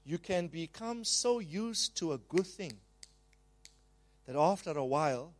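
A man preaching a sermon, emphatic, slowing down on key phrases and having the congregation repeat after him. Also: lively intonation. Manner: slows down and rises in pitch and volume on key phrases. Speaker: pastor.

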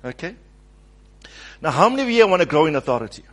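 Animated preacher man, lively rising voice. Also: fairly high pitch, quick pace. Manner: animated, calls on the congregation to repeat words; stresses words and acts out quoted speech. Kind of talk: sermon.

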